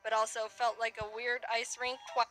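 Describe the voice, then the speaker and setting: A young woman telling funny childhood stories with wry, animated delivery. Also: on the high side. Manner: animated, wry, puts on quick character voices. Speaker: animated storyteller. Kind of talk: comedic storytelling narration.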